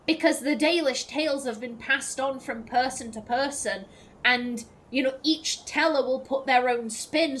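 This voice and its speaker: A woman commenting on a video game she is playing, ranting in exasperation and swearing freely. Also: high-pitched. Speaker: let's play host. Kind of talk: gameplay commentary.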